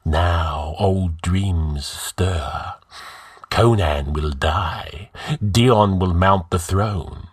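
A man's voice: low-pitched, drawn-out words, husky, no room sound, clean studio sound, full character voice. A man voicing an arrogant, scheming male outlaw who gives orders in a commanding, scornful way.

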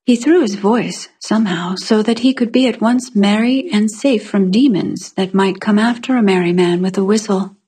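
A woman narrating a fantasy short story in a calm, measured way. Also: mid-range voice, husky. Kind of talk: scripted fiction narration.

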